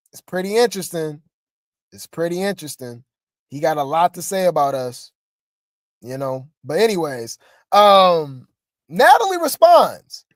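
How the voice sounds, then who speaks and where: A woman's voice: medium pitch, a little mellow, dry recording, studio quality. A woman hosting gossip commentary in a casual, sassy way, often repeating her phrases.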